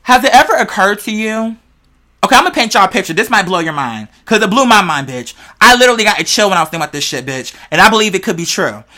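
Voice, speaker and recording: A podcast host with a bright, forceful, slightly tense voice rambles through speculative theories in casual chat. The talk is slangy and profane, animated, and speaks straight to the listeners. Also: mid-range voice, fast talker.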